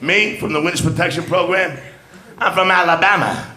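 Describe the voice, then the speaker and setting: A man's voice: fairly high pitch, fairly quick. A man with a New York accent doing a stand-up set, brash and streetwise, punctuating lines with "man". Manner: brash, streetwise, punchy delivery with frequent "man". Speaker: stand-up comedian. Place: comedy club stage. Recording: echoey club with loud crowd laughter.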